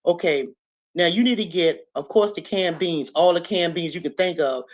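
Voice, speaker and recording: A livestream host, talking fast and chatty, repeating instructions with plenty of "um"s and checking in with viewers. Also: medium pitch, muffled recording. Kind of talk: casual livestream advice chat.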